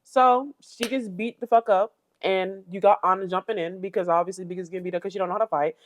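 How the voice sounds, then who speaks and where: A woman's voice: medium pitch, fairly even intonation, quick pace, dry recording. A young woman hosting a reality TV recap, blunt, sassy and opinionated. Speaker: commentary channel host.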